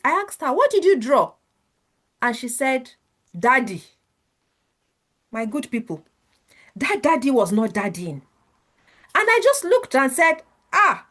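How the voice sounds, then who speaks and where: A woman leads a webinar for parents, her voice sitting a little high and swinging widely in pitch. She tells stories and acts out the voices of the people in them, and she repeats key phrases to drive them home. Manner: animated storyteller who acts out quotes. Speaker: parenting workshop speaker. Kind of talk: online webinar talk to parents.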